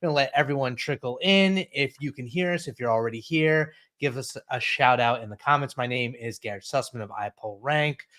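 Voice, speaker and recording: A man from Central New Jersey hosting a live webinar over a video call, energetic and playful, often restarting his words. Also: mid-range voice, brisk, hardly any pauses. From Central New Jersey, USA. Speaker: webinar host.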